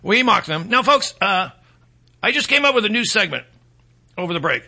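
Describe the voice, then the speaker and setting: Sarcastic high-voiced talk show man. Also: sing-song, moderate pace, creaky, sharp tone. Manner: sarcastic, mocking, rambling with many fillers. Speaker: talk radio host. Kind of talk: opinionated call-in talk show monologue.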